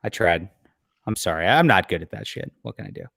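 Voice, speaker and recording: Low-voiced man hosting a livestream. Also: animated, brisk, creaky, fairly bright tone, no echo, clean studio sound. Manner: blunt, mocking commentary with frequent fillers. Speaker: livestream host. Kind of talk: casual commentary over a clip.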